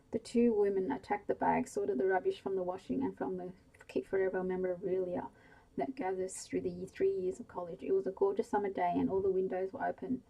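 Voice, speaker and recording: A woman reading a bedtime story aloud slowly and softly, in whispered role-play. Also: mid-range voice, flat delivery, gravelly, poor audio. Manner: slow, hushed bedtime reading.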